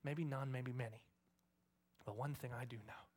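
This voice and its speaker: A middle-aged man preaching a passionate sermon, often dropping into a hushed whisper. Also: medium pitch, steady tone, normal speed. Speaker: pastor.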